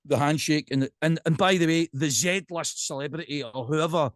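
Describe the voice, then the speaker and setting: A man with a Scottish accent, a podcast guest and pipe band drummer, chatting casually in an animated ranting way and often checking in with "right?". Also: fairly high pitch, normal speed, no room sound, studio quality.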